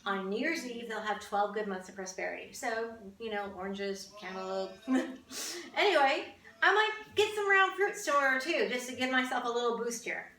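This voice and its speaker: A woman's voice: fairly high pitch, expressive, moderate pace, pushed and bright, reverberant, distant mic, low-quality recording. A woman from Canada chatting casually to camera as a vlogger, with wry, amused asides.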